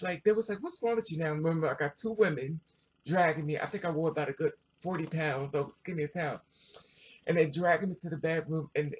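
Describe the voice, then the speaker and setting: A vlogger telling a personal story to viewers in a chatty, animated way, full of asides. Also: mid-range voice, breathy edge. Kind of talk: casual storytelling to camera.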